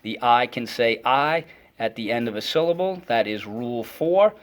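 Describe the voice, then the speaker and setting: A man's voice: mid-range voice, animated, normal speed. A man teaching a phonics lesson to children, energetically calling out words and repeating them for the class to echo.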